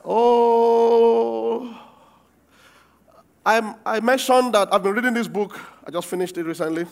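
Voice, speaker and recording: A man preaching a sermon, reading verses and breaking off to quiz the congregation, acting out the quoted lines with sudden shouts. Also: extremely high pitch, fairly even intonation, slow, vocal fry. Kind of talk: sermon with call-and-response.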